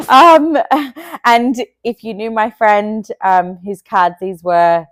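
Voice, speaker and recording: A woman's voice: mid-range voice, animated, slow pace, a bit bright, no echo. A woman chatting casually to camera about her oracle card reading, with lots of hesitant fillers and restarts. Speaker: spiritual vlogger reading oracle cards.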